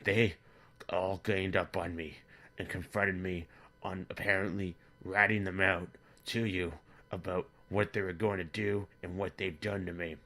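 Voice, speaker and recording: Whiny grown son, tearful and complaining, a bright pushed edge on a deep voice, as the man puts him on. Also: little pitch movement, unhurried, vocal fry, full character voice.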